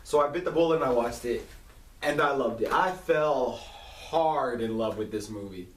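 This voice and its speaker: A man in his late twenties hosting a casual, animated monologue about an old movie. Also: mid-range voice, normal speed, reverberant, recorded from a distance, slight background noise, low-quality recording. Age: 20s. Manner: animated, chatty, swears. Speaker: podcast host.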